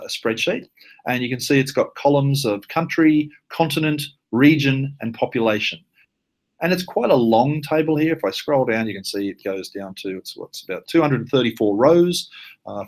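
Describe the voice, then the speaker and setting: A man with an Australian accent presenting a live online software workshop, talking casually with plenty of fillers and asides. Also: mid-range voice. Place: at his computer, live webinar.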